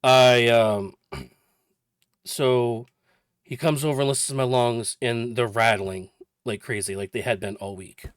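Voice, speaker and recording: A vlogger in his forties casually recounts a personal story, chatty and rambling with lots of detail. His mid-range voice has fairly even intonation and an unhurried pace. The recording is dry and clean, with studio quality.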